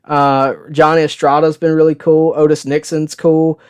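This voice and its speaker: A man's voice: on the high side, flat delivery, moderate pace, clear, resonant tone. A man hosting a live sports show, chatting casually with viewers and telling stories with lots of "uh" and "okay?". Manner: casual, rambling storyteller with frequent "uh" and "okay?". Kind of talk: live-stream chat answering viewer questions.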